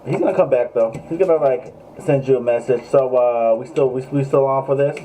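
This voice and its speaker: A man's voice: medium pitch, fairly quick, dark tone, slight background noise, poor audio. A man giving a casual, joking live tarot reading, swearing freely and talking straight to his viewers. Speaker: tarot reader.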